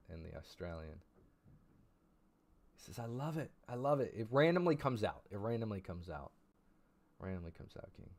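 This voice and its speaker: A man's voice: sits low, darkish tone, slight background noise. A young man hosting a casual livestream, hyped and repeating viewers' names as he reads their messages. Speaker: livestream host.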